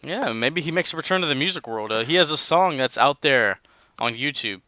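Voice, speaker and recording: A man's voice: fairly high pitch, lively intonation, fairly quick, bright, forceful tone, dry recording. A man hosting a casual wrestling podcast, reading out match results and chatting loosely with dude and man. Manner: laid-back, says dude and man, reads out results. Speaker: podcast host.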